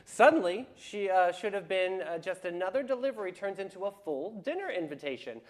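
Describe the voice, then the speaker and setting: A woman's voice: medium pitch, animated, a little fast. A woman with a Southern US accent hosting a casual talk show, leading segments and reading stories aloud with emphasis. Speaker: show host.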